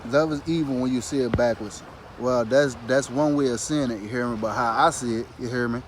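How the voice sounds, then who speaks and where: A man's voice: mid-range voice, fairly quick, noisy background. Man peppering every line with "you hear me". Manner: says "you hear me" after nearly every phrase, loose and profane. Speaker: spiritual talker. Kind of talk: casual monologue.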